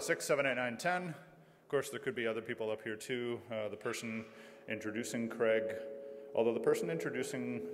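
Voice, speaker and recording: Guy doing a mic check on a big stage, counting one two three, lowish voice, lots of hall reverb. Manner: counting into the mic, demonstrating loud and soft speech. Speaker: event sound technician. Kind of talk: mic check and run-through. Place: large event hall with a stage. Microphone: stage microphone through a PA.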